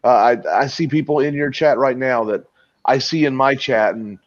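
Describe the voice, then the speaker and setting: A man's voice: mid-range voice, normal speed. A man, a guest streamer in a casual podcast chat, laid-back and crude, promoting his channels. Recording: dull lo-fi audio.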